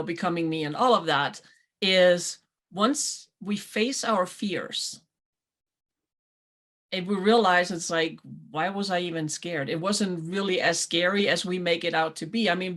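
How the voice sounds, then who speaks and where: A woman hosting a talk show, chatting in a casual motivational way and acting out quoted voices with lively swings. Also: fairly low pitch. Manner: animated, acts out quoted voices. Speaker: podcast host.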